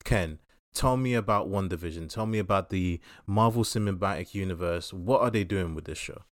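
A man's voice: low-pitched, brisk, dry recording, clean studio sound. A man with a British accent co-hosting a casual film chat, making his points firmly and with strong opinions. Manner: firm, opinionated arguing. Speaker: podcast co-host.

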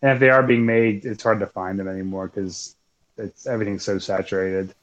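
A man's voice: lowish voice, steady tone, fairly quick, muffled recording. A man co-hosting a podcast, chatting loosely about a film and laughing often. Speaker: podcast co-host. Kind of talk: casual film discussion.

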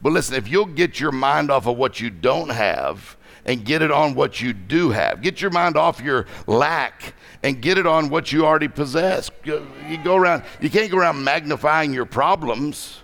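A middle-aged man preaching a lively conference sermon, joking and exhorting the crowd. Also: fairly high pitch, moderate pace, vocal fry, hardly any pauses.

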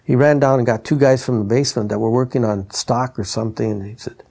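A man's voice: medium pitch, quick pace, vocal fry. An older man, a retired trumpeter and instrument designer, telling stories and acting out the voices in them. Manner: animated, mimics voices in quoted dialogue. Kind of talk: anecdotal storytelling.

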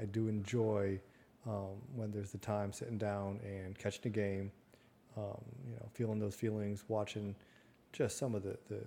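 A man's voice: on the low side, dark tone, a little hiss or hum. A man who once played football, answering casually in an interview, hesitant and full of fillers. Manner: hesitant, many fillers and restarts. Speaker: guest, former football player.

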